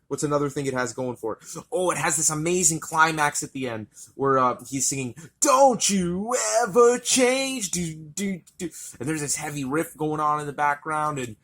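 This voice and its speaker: A man's voice: medium pitch, pushed and bright. A man reviewing an album in a casual, rambling, enthusiastic way, swearing often.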